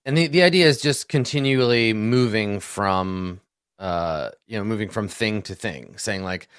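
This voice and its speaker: A man's voice: lowish voice, animated, normal speed, a bit bright, clean tone, dry recording, clean studio sound. A man in casual conversation, patiently explaining how a tabletop game works and walking through examples step by step. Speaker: experienced player explaining game rules.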